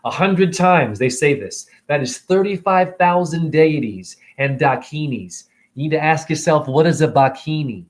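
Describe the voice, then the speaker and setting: A man holding a rambling, emotional spiritual monologue as host of his own stream, preaching at times and dropping into hushed whispers. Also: on the high side, animated, normal speed, hardly any pauses. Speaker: livestream host.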